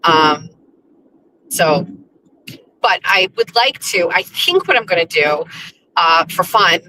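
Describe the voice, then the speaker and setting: A woman's voice: fairly low pitch, animated, slow pace, noisy background. A woman hosting a casual livestream from her car while driving, chatting in a rambling way with restarts and laughs. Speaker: livestream host. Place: in a car on the road.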